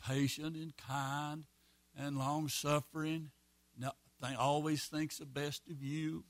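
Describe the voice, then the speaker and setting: A man's voice: a little high, little pitch movement, no room sound. Emphatic folksy preacher man. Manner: folksy, emphatic, repetitive preaching with quick asides. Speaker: pastor. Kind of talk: sermon.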